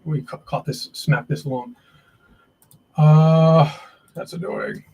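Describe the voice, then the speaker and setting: A man's voice: fairly high pitch, fairly even intonation, slow pace, dark tone, low-quality recording. A man hosting a live day trading stream, talking to himself and viewers as he trades, often frustrated and swearing.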